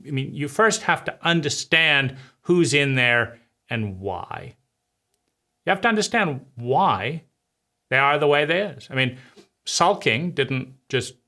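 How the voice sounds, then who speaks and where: A man teaches in an animated monologue, slipping into the voices and scenes he describes. His tone is bright and forward, and he leans on repeated rhetorical phrases to drive a point home. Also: medium pitch. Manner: acts out inner voices and scenes. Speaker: teacher of a personal-growth channel.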